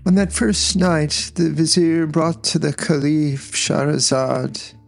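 A man telling an old tale aloud in a measured, unhurried storytelling manner, with faint music behind him. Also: a little high, gravelly. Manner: unhurried, measured, with voiced characters in dialogue. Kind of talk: slow storytelling narration.

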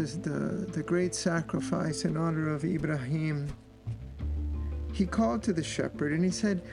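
A man's voice: sits high, gravelly, low-quality recording. A man telling a long folk tale aloud, repeating phrases for emphasis as he goes. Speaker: storyteller. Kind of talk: oral storytelling. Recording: instrumental music playing behind.

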